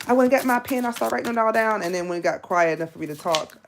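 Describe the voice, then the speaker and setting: A woman in her thirties giving a live tarot reading, talking bluntly in casual, animated bursts with laughing asides. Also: medium pitch, rapid-fire, creaky, a little hiss or hum. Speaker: tarot reader and therapist.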